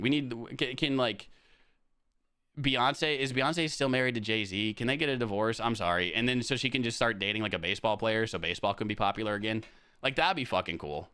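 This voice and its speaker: Young guy streaming, super bright voice, rambling, swears a ton, laughs a lot. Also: mid-range voice, smooth. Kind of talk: casual live-stream chat.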